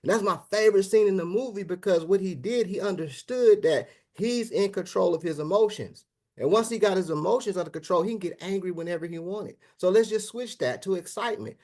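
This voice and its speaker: A man giving a high-energy motivational business presentation over an online meeting. He talks casually, calling out "man" and "guys" and checking in with "right?" after nearly every point. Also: fairly quick, a little mellow. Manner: high-energy, keeps asking the audience "right?".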